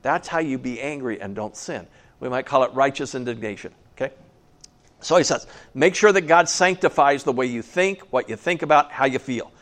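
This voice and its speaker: A man's voice: mid-range voice, moderate pace, a bit bright. A man preaching a sermon in a conversational way, often checking in with "okay?" and adding wry asides. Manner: conversational, keeps asking "okay?". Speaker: pastor.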